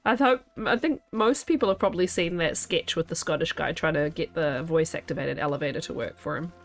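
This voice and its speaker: A woman's voice: low voice, brisk, vocal fry. A woman with a New Zealand accent chatting casually to her viewers while streaming a game, laughing often. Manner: chatty, laughs often, talks to chat and herself. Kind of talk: casual chat while playing.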